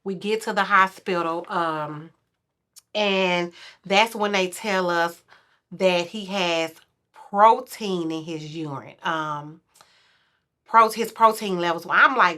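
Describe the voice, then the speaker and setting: Speaking slowly, a podcast guest in her forties recounts a story in relaxed chat. She performs the quoted lines by raising her voice louder and higher.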